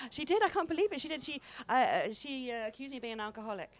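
Her voice is high and sing-song, and she talks quickly. She's a stand-up comedian in her fifties, bantering on stage in a comic interview while putting on a mock Russian accent, bawdy, self-deprecating, and laughing as she goes.

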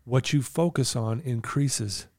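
A man's voice: medium pitch, slow, a little mellow, no room sound, studio quality. A man talking as a guest in an interview, telling stories in an earnest way and acting out talks with his clients. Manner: earnest, acts out dialogue with clients. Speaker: podcast guest, client coach. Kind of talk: conversational storytelling interview.

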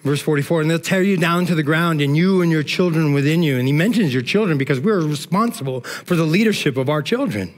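A middle-aged man preaches a sermon in a fairly high voice. He talks to the congregation in a loose, emotional way, leaning on "man" and "all right" between points. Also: fast talker, hardly any pauses. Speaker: pastor.

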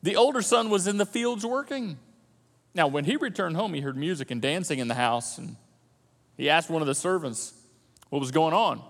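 A male pastor preaching a sermon in an animated, conversational way. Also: on the high side, moderate pace, vocal fry. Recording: long church hall reverb.

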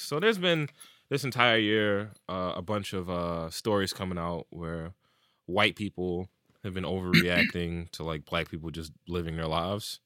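Male co-host, animated storyteller who acts out quotes, dry close sound, forceful tone. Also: deep voice, a little slow, dry recording. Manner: animated retelling with acted-out quotes and swearing. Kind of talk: casual chat, storytelling.

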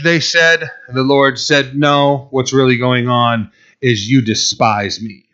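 A man's voice: mid-range voice, fairly even intonation, takes it slowly, fairly bright tone. A man preaching a sermon in a conversational way, with sarcastic asides to the congregation. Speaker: pastor. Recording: muffled lo-fi recording.

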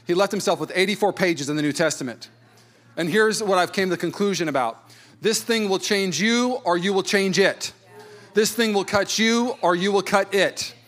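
High-voiced pastor preaching. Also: male voice, normal speed, fairly bright tone. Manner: conversational, storytelling with self-deprecating humor. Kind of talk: sermon.

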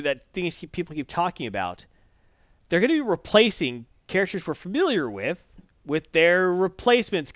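A man's voice: fairly high pitch, fairly bright tone, dry recording, muffled recording. A man chatting casually as a podcast host, rambling and correcting himself as he goes. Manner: rambling, self-correcting, enthusiastic. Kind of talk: casual chat.

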